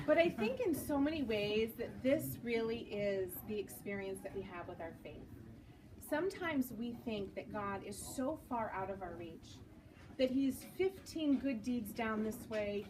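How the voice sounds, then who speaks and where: At a bookstore event, an author in her forties tells stories to a live audience, performing the quoted lines and chuckling at herself. She speaks unhurriedly in a very animated, mid-range voice, recorded from a distant mic with noticeable background noise.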